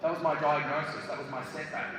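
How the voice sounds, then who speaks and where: Talking fast in a fairly high voice, this thirties-aged motivational speaker entertains a live student audience in a school hall with funny anecdotes, doing voices and shouting as he goes. Captured from a distance, the audio is echoey, and hall ambience adds background noise.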